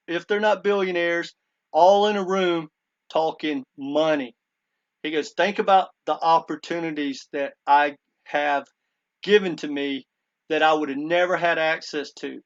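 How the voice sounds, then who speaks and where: A man with a voice on the high side speaks in lo-fi sound. As a crypto commentator giving a casual monologue, he earnestly recounts a story, quoting a speaker through frequent "he goes" asides and keeps saying "guys" to his viewers.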